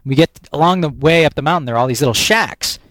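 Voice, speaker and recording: An American man, a professional speaker, telling a lively story as an interview guest and often repeating words as he restarts. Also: on the high side, fast talker, no echo. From United States.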